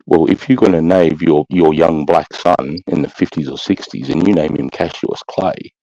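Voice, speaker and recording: Very deep gravelly man, casual chat. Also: steady tone, normal speed, mellow, no room sound. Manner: swearing, rambling storyteller. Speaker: podcast host. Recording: dull dry sound.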